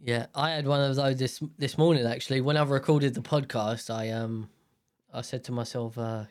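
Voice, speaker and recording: A man's voice: mid-range voice, steady tone, moderate pace. A young man hosting a podcast in casual chat, rambling and joking with many fillers and restarts. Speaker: podcast host.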